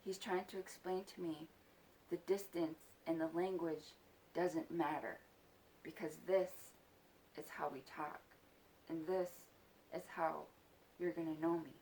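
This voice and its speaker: A woman in her forties slowly unpacks an intense personal memory. Her voice sits slightly low and her pace drags, with long pauses. She swears freely, her voice surges when she is angry and then sinks almost to a whisper. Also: fairly even intonation, darkish tone, a little hiss or hum. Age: 40s. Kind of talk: emotional personal storytelling.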